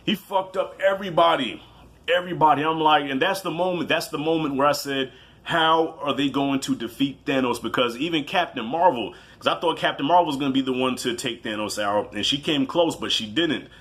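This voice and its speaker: A man giving a casual, animated movie review, telling it like a story, swearing freely and acting out his own reactions. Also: fairly high pitch, a little fast.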